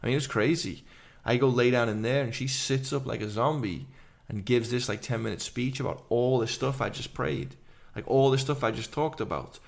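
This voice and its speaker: A man with a gravelly voice giving an earnest personal testimony, talking quickly in long run-on sentences. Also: mid-range voice. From England. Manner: earnest, rapid run-on storytelling. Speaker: guest, urban missionary.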